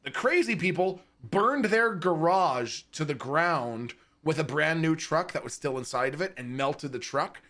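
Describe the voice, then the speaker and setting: A man's voice: fairly high pitch, unhurried, hardly any pauses. A man streaming from home and casually telling wild stories to his chat, swearing and laughing often. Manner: animated, profane, laughing between lines.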